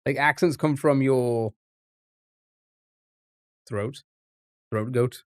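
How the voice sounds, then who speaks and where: Man, streamer, thinking aloud, halting restarts, mid-pitched voice, dry close desk mic. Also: no room sound. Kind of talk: live-stream thinking aloud over a word puzzle.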